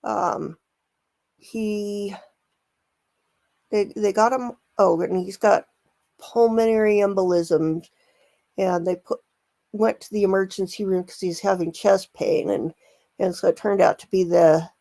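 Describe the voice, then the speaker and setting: Speaking slowly over a casual true crime commentary, a middle-aged woman has a gravelly voice with vocal fry. Her pitch is medium, her intonation fairly even, and her tone mellow. She rambles, restarts sentences, and leans on fillers.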